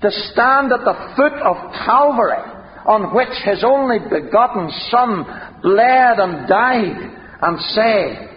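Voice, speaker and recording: A man's voice: sits high, lively intonation, measured pace, slight background noise. A man preaching an impassioned sermon, full of rhetorical questions and dramatic emphasis. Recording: dull lo-fi recording in a reverberant hall.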